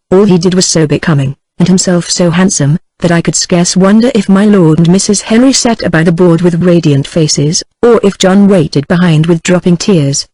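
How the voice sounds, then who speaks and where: A text-to-speech woman's voice with an American accent reading a classic novel aloud in an even synthetic cadence. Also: lowish voice, no room sound, poor audio. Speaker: audiobook narrator.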